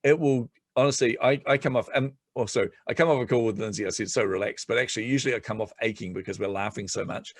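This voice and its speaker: A middle-aged man chatting on a podcast as a guest, telling animated stories and laughing often. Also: mid-range voice, fast talker, few pauses, husky, no room sound, studio quality. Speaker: guest entrepreneur. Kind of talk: casual podcast chat.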